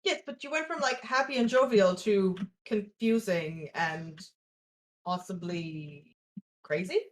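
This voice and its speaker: A woman's voice: medium pitch, slow. A woman playing her character in a tabletop game, joking with playful back-and-forth banter. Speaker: player. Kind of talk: in-character tabletop role-play.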